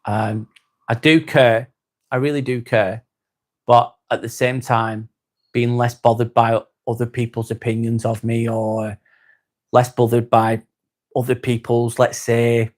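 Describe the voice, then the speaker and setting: A man with an East Lancashire accent hosting a live stream, chatting calmly with viewers, reading their comments and calling them mate as he winds down. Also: medium pitch. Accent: East Lancashire English. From North West England. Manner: calm, unhurried, winding down, calls people mate.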